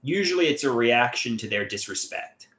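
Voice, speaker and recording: A man's voice: mid-range voice, lively intonation, moderate pace, fairly bright tone. A man hosting a casual livestream, reading chat comments aloud and rambling with many repeated, restarted words. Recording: echoey room.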